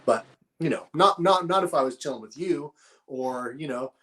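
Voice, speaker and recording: His pitch leans high and his tone is fairly bright, with a moderate pace. The speaker is a middle-aged podcast guest from Northern California who grows cannabis, telling casual stories in a loose, rambling, profane manner.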